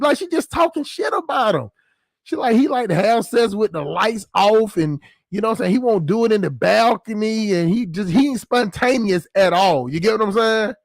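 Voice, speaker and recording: Brief: high-pitched man, dry close sound, casual profane storyteller who keeps checking in with the audience. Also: no echo. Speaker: channel host.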